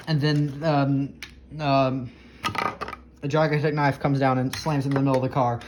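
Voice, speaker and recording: A speaker casually narrating a chaotic video, excitable and rambling, with many restarts and fillers. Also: medium pitch, fairly quick. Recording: noisy home recording.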